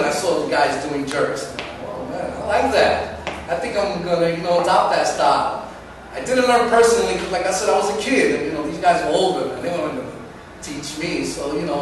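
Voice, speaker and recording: A man in his thirties with a fairly high voice tells his story casually and with energy, often stopping to restart a thought. He sounds far from the mic in a very echoey space, with clear background noise. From Manhattan, New York. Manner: animated, acts out quoted voices, rambling restarts. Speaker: dancer being interviewed. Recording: echoey, distant and noisy.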